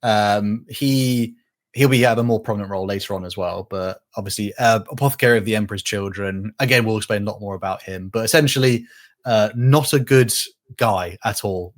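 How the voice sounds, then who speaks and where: A man's voice: fairly low pitch, normal speed. A man co-hosting a casual podcast, talking conversationally with fillers and asides. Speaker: podcast co-host. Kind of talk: casual lore discussion.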